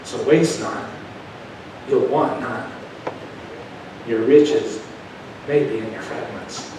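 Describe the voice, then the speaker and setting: A man's voice: medium pitch, takes it slowly, mellow, slight background noise. Middle-aged guy preaching, chatty storytelling sermon, big echoey hall, mic kinda far off. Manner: folksy, conversational, asks the crowd questions. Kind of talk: sermon with personal stories.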